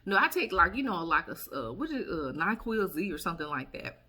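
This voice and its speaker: A woman, chatting casually to camera as a vlogger, sassy and quick to laugh and exclaim. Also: on the low side, sing-song, sharp tone, husky. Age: 30s.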